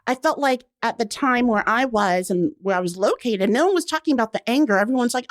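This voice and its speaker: A woman's voice: a little high, fast, hardly any pauses, dry recording, studio quality. A woman in her forties, a guest in an interview, telling her story expressively and acting out the lines she quotes. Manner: expressive storyteller, acts out quotes, laughs often. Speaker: guest, writer. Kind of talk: casual interview.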